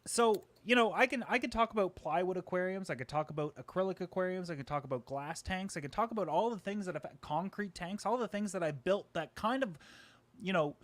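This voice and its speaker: Energetic, joking man with a dry sound. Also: high voice, no echo. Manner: energetic, joking, talks in quick bursts, self-deprecating. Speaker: guest, aquarium YouTuber. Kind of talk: casual live-stream chat. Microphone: home microphone just set up.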